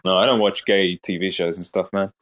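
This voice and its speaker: A man chatting on an online group call. His voice is low, and he speaks in a relaxed, mocking way. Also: fairly quick. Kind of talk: casual banter on an audio call.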